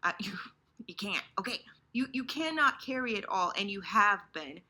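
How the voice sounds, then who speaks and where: A woman talking to her viewers in a loose, chatty way, and she keeps slipping into the inner voices she imagines they have. Her pitch leaps all over, and her tone is bright and clear. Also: normal speed. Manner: animated, acts out inner voices, lots of restarts. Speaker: host. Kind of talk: casual chat about fandom.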